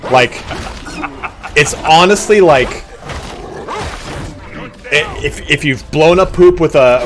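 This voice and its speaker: A man's voice: fairly high pitch, a little hiss or hum. A young man streaming a game, telling a crude story in casual chat and acting out the voices in it. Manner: animated, crude, acts out the voices in his stories. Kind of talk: casual storytelling while gaming.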